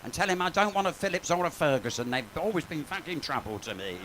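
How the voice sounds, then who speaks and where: A man's voice: fairly high pitch, sing-song, quick pace, background noise. A man putting on a foul-mouthed elderly queen who grumbles bluntly, live in a pub. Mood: exasperated. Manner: blunt, swearing, put-upon grumble.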